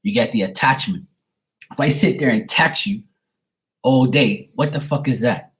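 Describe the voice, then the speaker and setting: A man's voice: mid-range voice, moderate pace. Guy ranting at the camera, cussing a lot, blunt and fed up, asks the viewer stuff like "you out of your mind?". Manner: blunt, swearing, exasperated; talks straight to the viewer with rhetorical questions. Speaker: vlogger answering viewer questions. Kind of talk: profane comic rant to camera.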